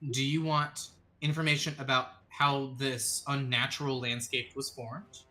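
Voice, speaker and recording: A man acting as dungeon master, describing a scene and laying out choices for the players in a measured storytelling manner. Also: mid-range voice, sharp tone. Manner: descriptive, measured storytelling with sudden quick asides. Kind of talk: narrating a tabletop game.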